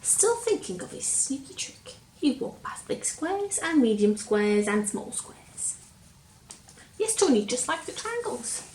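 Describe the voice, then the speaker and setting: Slow, lively woman reading aloud. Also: high voice. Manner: slow, gentle, questioning the child. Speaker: storyteller reading to a child. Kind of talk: picture-book read-aloud. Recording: roomy echo, faint hum.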